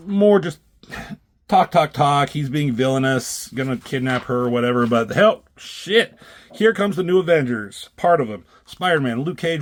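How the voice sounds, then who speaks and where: A man giving a loose, casual recap of comic book pages, swearing freely and pausing often with filler ums. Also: medium pitch, slight background noise.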